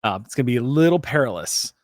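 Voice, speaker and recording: A man narrating a tabletop game as game master, relaxed and chatty with many fillers. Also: mid-range voice, fast, no room sound, studio quality.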